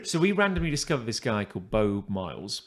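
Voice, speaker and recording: A man co-hosting a podcast, telling stories in a rambling, animated way with lots of fillers. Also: fairly low pitch, fast talker. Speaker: podcast co-host. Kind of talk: casual chat.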